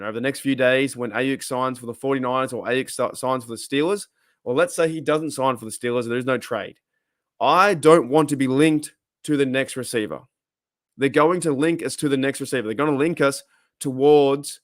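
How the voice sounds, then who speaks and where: A man's voice: mid-range voice, dry recording, clean studio sound. An Australian man hosting a casual live stream, rambling and chatting while reading viewers' comments aloud. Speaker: livestream host.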